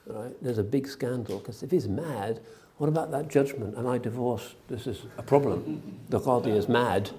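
A man telling a spiritual story in a relaxed talk, hesitant with frequent fillers and dropping in foreign phrases. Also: mid-range voice, gravelly. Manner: drops in phrases of another language.

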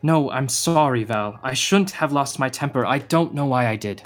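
A young actor playing a tired, gentle uncle in a radio drama, patient but quick to flare. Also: male voice, mid-range voice, faint music behind, close to an everyday voice. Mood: apologetic. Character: uncle Gio, weary, tender, short-tempered.

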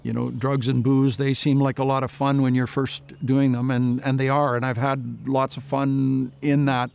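Gravelly-voiced man telling his faith story. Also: medium pitch, little pitch movement, normal speed, darkish tone, slight background noise. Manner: earnest storytelling, retelling dialogue with many "I said" tags. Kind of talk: personal testimony in an interview.

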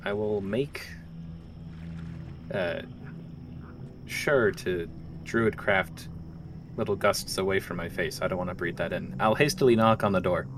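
Low-voiced man playing a tabletop game, halting. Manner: halting, self-correcting. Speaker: player. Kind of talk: casual play. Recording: noisy recording.

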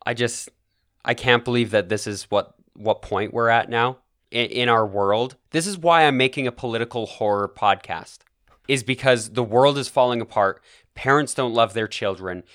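A man's voice: mid-range voice, normal speed, a bit bright, dry recording. A man hosting a comedy podcast, talking in a dry, mock-aggrieved way. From New Zealand. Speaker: podcast host. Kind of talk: improvised comedy chat.

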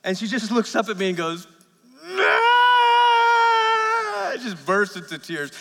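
A man's voice: sits high, brisk, very noisy. A man in his thirties preaching a sermon, telling stories in a conversational way with self-deprecating asides. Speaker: pastor. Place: church sanctuary. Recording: church hall with long reverb.

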